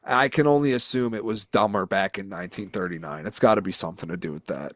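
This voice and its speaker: A man's voice: fairly low pitch, fast, no room sound, clean studio sound. A man co-hosting a sports talk show, crude and joking, swearing freely in casual banter.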